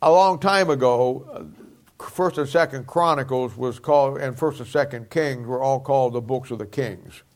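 A middle-aged man delivers a Bible teaching sermon with emphasis, repeating key phrases and sometimes growing quieter. His voice sits in the mid-range and moves at a moderate pace.

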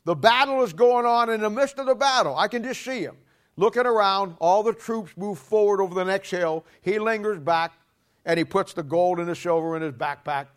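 A man preaching a sermon emphatically, voice dropping low and soft at the ends of points. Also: moderate pace. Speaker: pastor.

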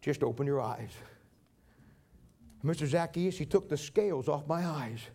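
A man's voice: fairly high pitch, animated, normal speed, gravelly, dark tone, voice pushed down. A man voicing an old blind beggar who is testifying with fervent joy. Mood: awed. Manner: fervent storytelling, crying out.

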